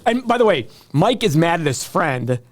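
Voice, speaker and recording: A man's voice: on the high side, moderate pace. A man co-hosting a money podcast in casual chat, telling a story with lots of acted-out quotes. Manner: animated storytelling, acting out quoted calls. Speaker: podcast co-host.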